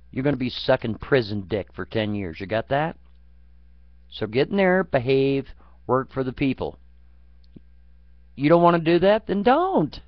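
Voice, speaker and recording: A man rants about politics in a crude, foul-mouthed way, his anger running through every line. The recording is muffled and lo-fi, with a dry sound that has no room echo. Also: medium pitch. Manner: angry, crude, swearing constantly. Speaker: vlogger. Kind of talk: profane political rant.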